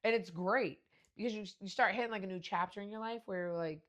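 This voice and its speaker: A woman's voice: medium pitch, quick pace, a bit bright. A woman in her forties hosting a podcast, telling casual stories in a brash, profane way with frequent laughter. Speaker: podcast host. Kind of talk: casual storytelling monologue.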